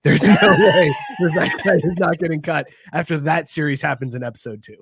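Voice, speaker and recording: A man's voice: a little high, lively intonation, fairly quick, creaky, breathy edge, no echo, clean studio sound. A man co-hosting a casual sports podcast, mocking players and laughing between jokes. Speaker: podcast co-host.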